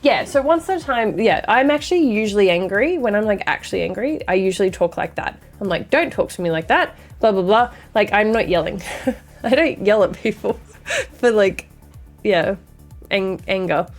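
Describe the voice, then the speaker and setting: A woman's voice: mid-range voice, expressive, normal speed, faint music behind. A young woman streamer chatting casually with her viewers and reading chat aloud, with a dry, sarcastic sense of humor and sassy banter.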